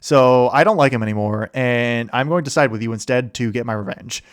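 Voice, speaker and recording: A man's voice: mid-range voice, a little fast, clean tone, dry recording, studio quality, natural voice. A man casually paraphrasing an arrogant male alien warlord from a game, smug and commanding, in his own offhand tone.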